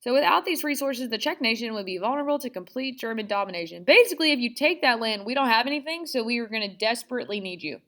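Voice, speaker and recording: A woman's voice: fairly high pitch, animated, fast, hardly any pauses, a bit bright. A woman teaching a history lesson in a chatty, casual way, full of sarcastic asides. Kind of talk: casual classroom lecture.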